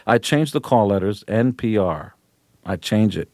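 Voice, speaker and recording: A brash man in his fifties talks in a low voice on a radio interview. His talk is boastful and punchy. The studio sound is dry and close. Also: lively intonation, measured pace, darkish tone, no room sound. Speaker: rock musician guest.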